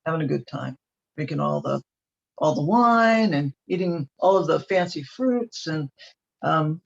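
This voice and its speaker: A man's voice: fairly high pitch, animated, unhurried, gravelly. Meandering male myth storyteller, muffled. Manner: meandering, with ums and restarts. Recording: dull lo-fi recording.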